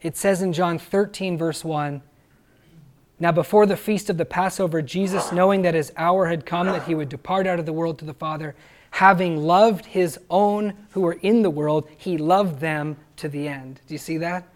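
A man preaching a sermon, earnest and emphatic, often pausing to ask his listeners rhetorical questions. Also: on the high side. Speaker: pastor.

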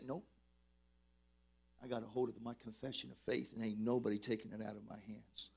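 A man preaching a sermon as pastor, emphatic and excitable, stumbling over restarts as he gets worked up. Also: medium pitch, normal speed.

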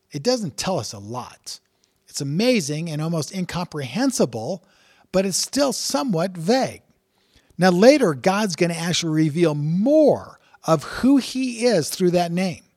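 A man with a fairly high voice teaches from scripture, earnest and deliberate, and reads passages aloud with emphatic rises. The recording is dry and close, with no room echo. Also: darkish tone. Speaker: Bible teacher.

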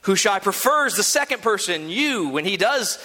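A man preaches a sermon, retelling a story with animated flair and stumbling over repeated words. His voice is bright and fairly high, and it swings widely in pitch. A long church-hall reverb trails after each phrase. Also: normal speed. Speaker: pastor.

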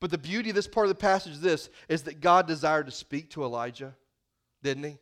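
A man's voice: fairly high pitch, fairly quick, a bit bright. A male pastor preaching a sermon in a folksy, conversational manner.

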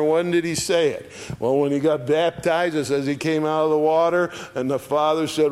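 A man's voice: fairly high pitch, clean tone. A man teaching an adult Bible study class in a conversational way, acting out short bits of dialogue as he explains. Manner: slow, conversational teaching that acts out quoted dialogue.

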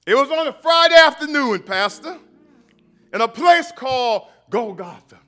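Very high-pitched, impassioned preacher man. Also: animated, moderate pace. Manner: impassioned, builds to shouted refrains with call-and-response. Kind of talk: sermon.

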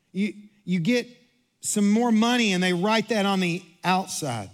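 A male pastor preaching a sermon in a church, repeating himself and restarting phrases, swinging between quiet low stretches and loud passages.

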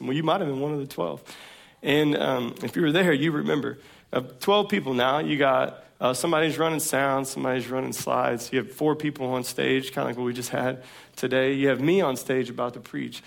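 Guy preaching a sermon, gravelly voice, super casual and chatty, talks from the stage. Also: mid-range voice. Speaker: pastor. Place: church stage.

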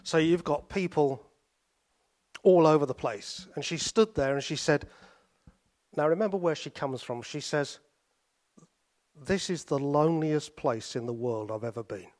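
British man preaching with a storyteller's pauses. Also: fairly high pitch. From Britain. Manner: storytelling, with pauses and sudden drops to soft asides. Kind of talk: sermon.

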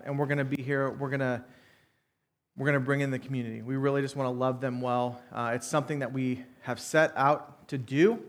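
A man in his thirties, a church elder giving announcements and an earnest, emotional sermon with fillers and restarts. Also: mid-range voice. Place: church sanctuary.

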